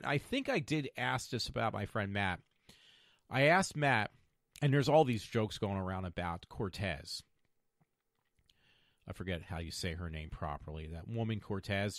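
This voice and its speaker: A man's voice: medium pitch, a bit bright, no room sound. A man in the middle of his range talks through a solo podcast, opinionated and rambling, stopping often to correct himself. His voice sits close to the mic in a dry, dead room. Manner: rambling, opinionated, self-correcting with many fillers. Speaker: podcast host.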